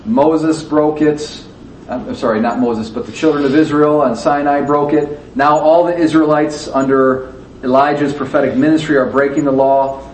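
A man's voice: on the high side, fairly even intonation, moderate pace, darkish tone. Man teaching a Bible class in an echoey room. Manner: conversational, asks the audience questions, acts out quotes. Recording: echoey room, distant mic, faint background noise.

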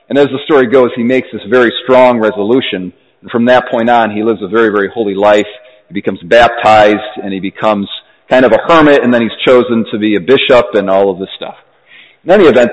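A man's voice: big-room sound, muffled recording. A man preaching a conversational homily in a church, with fillers and restarts. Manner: conversational, grows fervent and high when urging. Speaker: priest.

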